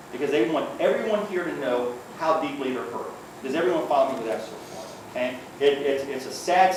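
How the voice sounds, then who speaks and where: His voice on the high side, a workplace safety trainer and ex-police liaison officer chats through a safety session, peppering it with "okay?" checks. He acts out quotes as he tells stories, while the mic sits far away in an echoey room with faint noise.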